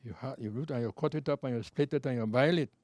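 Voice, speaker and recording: A man's voice: mid-range voice, fast, darkish tone, no echo. A very old man in his nineties speaks with a Belizean Creole accent, telling long, looping stories from his life. He repeats himself often and wanders loosely, in a close, dry recording. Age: 90s. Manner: loose, repetitive storytelling in Creole speech. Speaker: interview guest. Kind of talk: rambling life-story telling.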